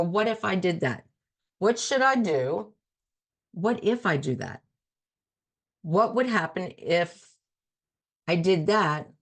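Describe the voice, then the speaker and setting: A woman life coach hosting her own talk show, speaking earnestly and conversationally, repeating key phrases for emphasis. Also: mid-range voice. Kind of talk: solo talk show monologue.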